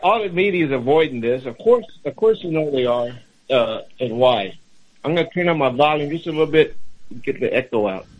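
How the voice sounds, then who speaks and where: Caller guy on a muffled phone line, emphatic, kinda high voice. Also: lively intonation, a little fast. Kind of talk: call-in conversation.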